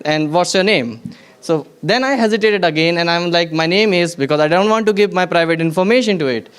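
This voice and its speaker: A man's voice: sits high, quick pace, clean tone. A man presenting at a tech conference, explaining step by step with frequent restarts and repeated words. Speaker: conference speaker. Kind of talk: technical conference talk. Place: conference venue.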